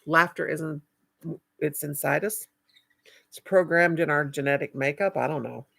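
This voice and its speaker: A woman's voice: deep voice, normal speed, vocal fry, a bit bright. An older woman hosting a live stream, chatting casually and affectionately with viewers in a rambling way, with a cackling laugh.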